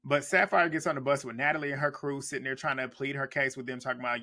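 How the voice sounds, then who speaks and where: A man's voice: mid-range voice, quick pace. Blunt, profane man recapping reality TV. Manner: animated, blunt and profane, laughs often. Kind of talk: casual reaction recap.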